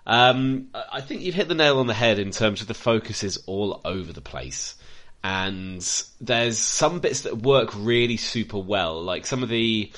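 A man's voice: lowish voice, expressive, a little slow, fairly bright tone. A man co-hosting a casual film podcast, sardonic and prone to acting out scenes in silly voices. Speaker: podcast co-host. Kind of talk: casual film review chat.

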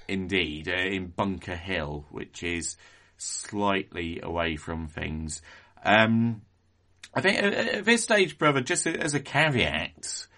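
Lower-voiced man, bright and analytical. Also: very animated. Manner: measured, analytical, with frequent "kind of" and "um". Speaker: podcast co-host. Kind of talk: casual film discussion.

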